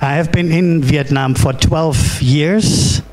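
A middle-aged man from Germany with a German accent gives a conference keynote, halting with fillers and restarts and often asking "right?". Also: on the high side, a little mellow. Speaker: keynote speaker. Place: conference hall.

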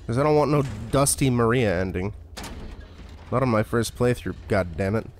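A man's voice: medium pitch, lively intonation, moderate pace, slight background noise. A man giving casual gameplay commentary as a streamer, joking, swearing and muttering to himself. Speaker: game streamer.

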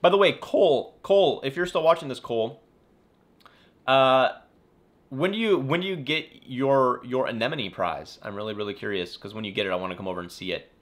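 Speaking a little fast in a mid-range voice, a man hosts a relaxed live-stream Q&A about aquariums from his California desert home. He rambles chattily, often backtracking to correct himself and apologize.

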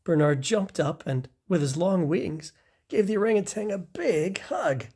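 Slow, breathy storybook reader. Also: mid-range voice. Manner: slow and expressive. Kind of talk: children's story read-aloud.

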